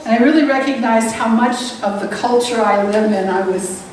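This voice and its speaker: A woman preaching a sermon in earnest. She speaks reflectively and rises high when she stresses a point. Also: normal speed, darkish tone. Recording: roomy echo, distant mic, faint hiss.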